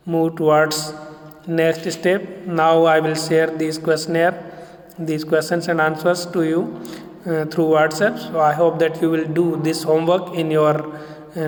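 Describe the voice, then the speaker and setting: A man giving a recorded literature lecture to students, explaining each point slowly and deliberately. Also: a little high, a little mellow. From India. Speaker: English lecturer. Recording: echoey roomy recording.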